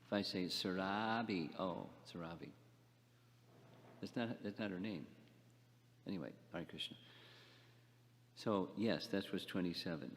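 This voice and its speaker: An older man giving a scripture class lecture, speaking haltingly, repeating words and asking the class questions. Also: low-pitched, expressive, big-room sound. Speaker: spiritual teacher.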